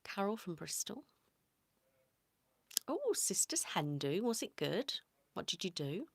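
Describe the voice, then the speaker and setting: A woman hosting a whispered ASMR livestream, greeting viewers by name in a soft whisper. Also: mid-range voice, big pitch swings, measured pace, creaky, slightly rough, no echo. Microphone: close sensitive mic.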